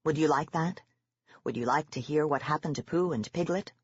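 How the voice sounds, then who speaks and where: An audiobook narrator voicing a calm, firm female schoolteacher who speaks softly, in a slightly dull lo-fi recording. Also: mid-range voice, normal speed, husky, no room sound. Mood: gentle.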